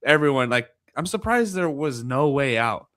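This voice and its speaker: A man's voice: mid-range voice, sing-song, moderate pace, fairly bright tone, no echo. A man co-hosting a casual podcast review, talking in a plain, conversational way. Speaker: podcast co-host.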